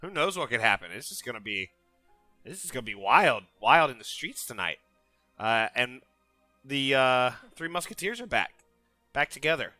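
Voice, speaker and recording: A man hosting a casual gaming live stream, energetic and hyping up his chat. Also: mid-range voice, moderate pace, dry recording, soft background music. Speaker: stream host.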